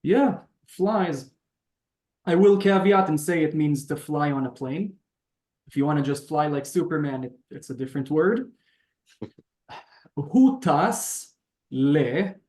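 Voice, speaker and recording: Slow-paced man teaching over video call. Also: a little high, darkish tone, reverberant. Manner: patient, explains step by step and sounds out words slowly. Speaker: Hebrew teacher. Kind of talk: beginner language lesson.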